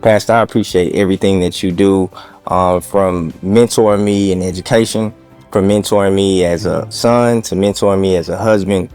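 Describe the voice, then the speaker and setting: A man giving a heartfelt spoken tribute to his pastor, sincere and a little halting with many ums. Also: low voice, steady tone, a little mellow, clean tone, faint music behind. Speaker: church member giving a tribute.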